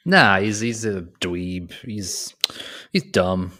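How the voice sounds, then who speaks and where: A man, casually recapping a movie scene by scene on a podcast, sarcastic and quick to mock the dialogue. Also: deep voice, expressive, pushed and bright. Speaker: podcast co-host.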